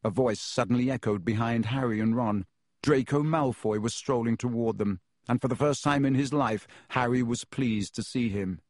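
A man narrating a children's fantasy novel as an audiobook, in a measured, even storytelling manner. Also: mid-range voice, no room sound, studio quality.

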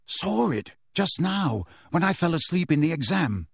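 A man's voice: on the high side, sing-song, a little slow, creaky, slightly rough, dry recording, clean studio sound, voice pushed up, full character voice. A man reading aloud and voicing an agitated teenage wizard boy who talks urgently and defensively.

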